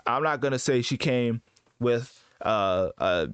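A man's voice: mid-range voice, lively intonation, slow, clear, resonant tone, no echo. Rambling man doing casual rap commentary. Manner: rambling, self-correcting, conversational slang. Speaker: host ranking rappers.

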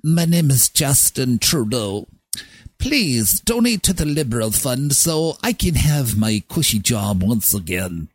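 A man putting on a smug male politician asking for donations, in a slow, deliberate delivery. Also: medium pitch, very animated, breathy edge, no room sound. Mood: pleading.

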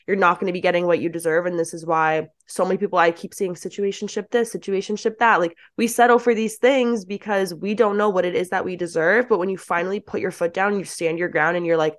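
Chatty young woman, low-ish voice. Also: steady tone, fast talker, hardly any pauses. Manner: chatty, lots of "like", acts out quoted thoughts. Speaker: podcast guest. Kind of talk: casual chat.

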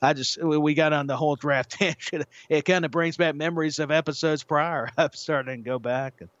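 A man's voice: fairly high pitch, steady tone, a little fast, fairly bright tone, no room sound. A man co-hosting a wrestling podcast in casual chat, often restarting and repeating his words. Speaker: podcast co-host. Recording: dull lo-fi audio.

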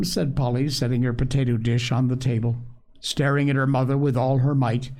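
A man reading a children's story aloud, gentle, expressive and unhurried. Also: medium pitch.

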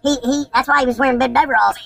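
High-voiced woman telling a story. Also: racing, vocal fry, crowd noise, poor audio. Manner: profane, excited storytelling. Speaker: podcast host. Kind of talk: casual podcast chat.

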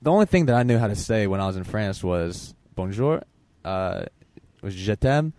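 A man's voice: on the low side, big pitch swings, moderate pace, a little mellow. A young man guest in a casual chat, telling stories in a laid-back way.

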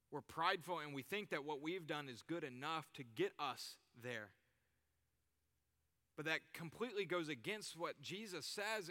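Man, pastor, high bright voice, easy preaching style, hall echo. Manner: conversational preaching with vivid examples. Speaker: youth pastor. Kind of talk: sermon. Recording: reverberant hall.

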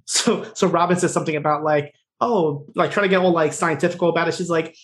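A man co-hosting a podcast, casually retelling a TV episode with lots of "like" and quoted lines. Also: on the high side. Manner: rapid, filler-heavy retelling, acting out quoted lines. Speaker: podcast co-host. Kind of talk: casual recap chat.

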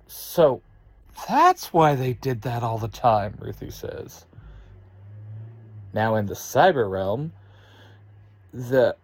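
A man's voice: mid-range voice, darkish tone, no room sound. A man narrating his own fan story aloud and reading every character's lines in his own voice.

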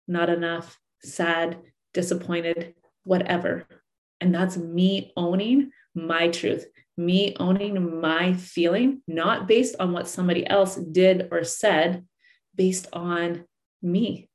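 A woman with a fairly low voice coaches listeners on relationships. She talks earnestly, repeating and reshaping her phrases as she goes. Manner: earnest, repeats and rephrases, acts out angry partners.

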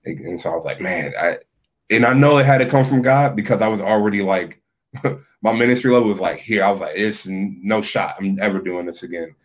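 A man's voice: lowish voice, a little fast. A man, a youth minister, telling his story in a casual podcast chat, loose and full of filler words. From Philadelphia area. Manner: relaxed storytelling, frequent "like" fillers.

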